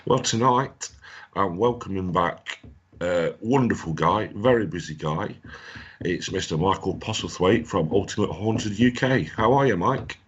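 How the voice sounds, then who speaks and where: A man hosting a radio chat show in a friendly, informal way, his voice croaky from a sore throat. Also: low-pitched, expressive, a little slow. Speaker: host. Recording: dull lo-fi sound.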